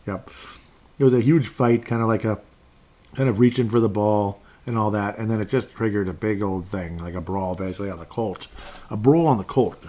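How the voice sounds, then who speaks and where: Chatty low-voiced man hosting a sports podcast. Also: fairly even intonation, brisk, dark tone. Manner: rambling, chatty, reads fan posts aloud. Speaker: podcast host. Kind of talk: casual solo sports podcast.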